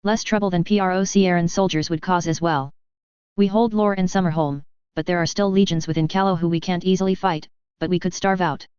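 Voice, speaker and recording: A woman's voice: on the low side, fairly even intonation, fairly quick, darkish tone, smooth, dry recording, highs cut off, natural voice. A woman reading a grim, steadfast male warrior. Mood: blunt.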